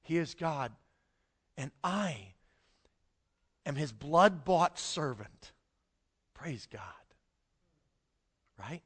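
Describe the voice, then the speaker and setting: A man preaching a sermon as pastor, conversational and constantly checking in with listeners, swinging from loud emphatic peaks to soft, low asides. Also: animated, drawn-out words, pauses often, husky. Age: adult, married father. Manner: conversational, keeps checking in with the congregation.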